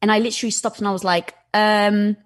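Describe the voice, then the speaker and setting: A woman's voice: mid-range voice, very fast. A woman guest talking candidly and animatedly in conversation, with a lot of "like" fillers. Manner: animated, lively, with frequent "like" fillers.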